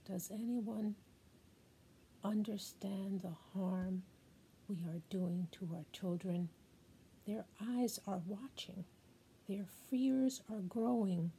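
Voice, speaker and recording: An older woman with a mellow, mid-range voice speaks as a grandmother sharing a message in an emotional spoken-word monologue. She talks slowly, repeats lines, and sometimes drops to a whisper, on a rough recording with slight background noise.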